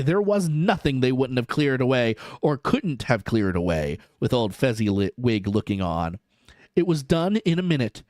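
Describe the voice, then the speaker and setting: A man's voice: mid-range voice, very animated, normal speed, a little mellow, no echo. A man streaming a live storybook reading, narrating expressively into a close microphone.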